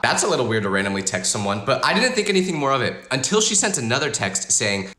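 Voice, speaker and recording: A man's voice: medium pitch, quick pace, hardly any pauses. A young man telling funny personal stories in a comedic, exaggerated way, acting out the people he quotes. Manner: animated, exaggerated outbursts and voiced quotes. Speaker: storytelling creator. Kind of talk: comedic storytelling.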